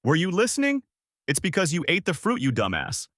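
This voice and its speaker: A man voicing a laid-back adult pirate captain who talks casually and breaks into shouting. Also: medium pitch, sing-song, moderate pace, no echo, studio quality. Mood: frantic yelling.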